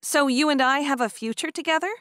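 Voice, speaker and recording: Woman voicing an excitable young Amish woman. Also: high voice, brisk, no echo, studio quality, voice pushed up. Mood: eager. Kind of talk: audiobook character voice.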